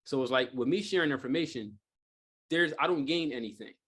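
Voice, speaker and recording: A man's voice: mid-range voice, lively intonation, fairly quick, fairly bright tone, husky. A man giving a live sales training talk to a group, speaking in a casual, rambling way with lots of fillers and rhetorical "right?" checks. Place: training room with a live audience.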